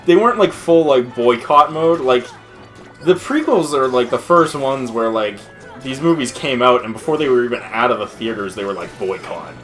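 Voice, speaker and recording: A man's voice: mid-range voice, animated, normal speed, a bit bright, faint music behind. A young man co-hosting a let's play, rambling and laughing often, with casual swearing. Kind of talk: casual gaming commentary.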